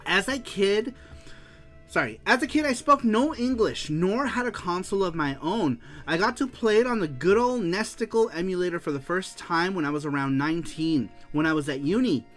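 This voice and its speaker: Lively upbeat male stream host. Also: high-pitched, normal speed, soft background music. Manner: animated, laughs often, reads aloud. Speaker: host reading viewer answers. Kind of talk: casual livestream chat.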